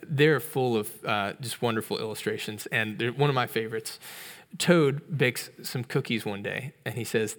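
A man preaching a sermon as a pastor, in a conversational way with restarts and tag questions. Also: fairly bright tone. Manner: acts out storybook voices in a higher pitch.

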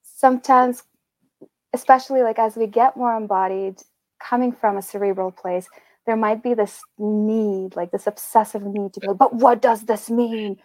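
A woman's voice: medium pitch, fairly even intonation, moderate pace, no echo, low-quality recording. A woman co-hosting a podcast, talking in a candid, reflective way and laughing lightly between thoughts. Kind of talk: casual podcast conversation.

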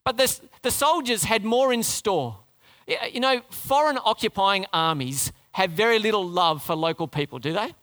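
Bright high-voiced male preacher. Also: expressive, moderate pace. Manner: storytelling, rhetorical questions, dramatic drops to low quiet. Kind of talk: sermon.

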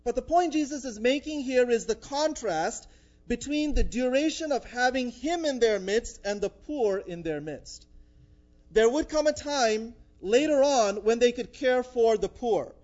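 A man delivers a sermon in a high, light voice, speaking conversationally with frequent filler sounds. The recording is dull and lo-fi, missing its upper clarity. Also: lively intonation, measured pace, a little mellow. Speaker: pastor.

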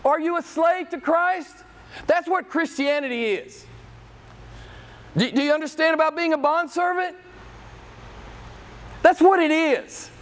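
A man's voice: very high-pitched, a little slow, long pauses, fairly bright tone. A man preaching a sermon in a church, impassioned and emphatic, repeating his phrases. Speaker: pastor.

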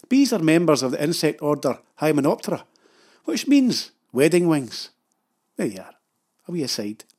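A Scottish man tells a funny story from his own life in a dry, wry voice, poking fun at himself. His voice sits a little higher than most men's. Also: darkish tone, breathy edge. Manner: dry, wry, self-mocking. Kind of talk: humorous storytelling narration.

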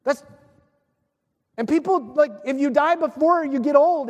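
Animated male preacher in a reverberant hall. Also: extremely high pitch, a little slow. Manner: animated, conversational preaching with playful acted asides. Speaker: pastor. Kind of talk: sermon.

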